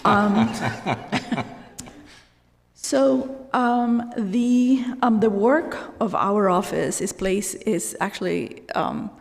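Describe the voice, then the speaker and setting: A woman giving a formal presentation to a university board, earnest and halting, with many ums and you knows. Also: medium pitch, lively intonation, vocal fry. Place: meeting room at a board session. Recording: long hall reverb.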